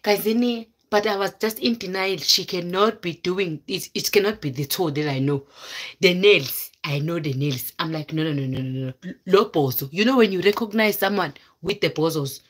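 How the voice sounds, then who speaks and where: A woman's voice: on the low side, moderate pace. A woman vlogger telling a story to her live viewers in a dramatic, exclaiming way. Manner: dramatic, exclaiming, mixes in local words. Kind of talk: casual storytelling chat with viewers.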